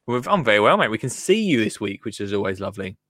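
A man's voice: fairly low pitch, big pitch swings, quick pace, fairly bright tone, no room sound, clean studio sound. A man hosting a casual chat, joking around, laughing often and drifting into little rants. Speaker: podcast host.

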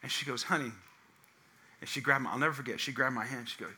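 A young man preaching a sermon, telling a personal story and swinging between loud acted quotes and hushed tones. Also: mid-range voice, steady tone, racing, heavy background noise. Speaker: pastor.

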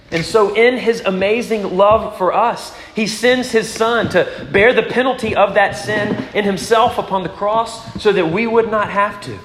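A pastor preaching a sermon to his congregation, earnest, moving between strong emphasis and hushed rhetorical questions. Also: high voice. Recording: echoey hall with background noise.

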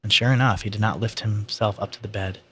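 A man's voice: fairly low pitch, steady tone, quick pace, sharp tone, soft background music. Man casually reading a novel aloud. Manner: plain, unpolished, with slips and asides. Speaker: reader.

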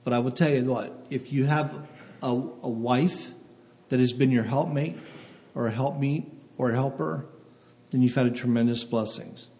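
A man's voice: medium pitch, steady tone, normal speed, dark tone. Man preaching in a reverberant hall. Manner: short phrases, reads scripture aloud, asks the listeners "okay?". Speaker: pastor. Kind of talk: sermon.

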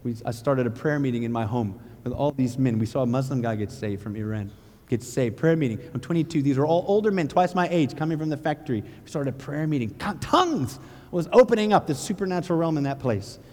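A man preaching a sermon with passion, firing rhetorical questions and building to near-shouting. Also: medium pitch, lively intonation, fairly quick, long reverb tail.

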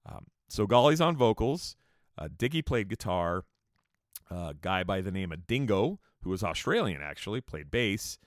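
A man spins loose, swearing stories, full of side notes and jokes. His voice sits low but swings widely in pitch. The sound is dry and close, with no room around it. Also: sing-song, normal speed, no room sound. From California. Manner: profane, rambling, joking asides. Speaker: musician telling tour stories. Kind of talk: casual storytelling monologue.

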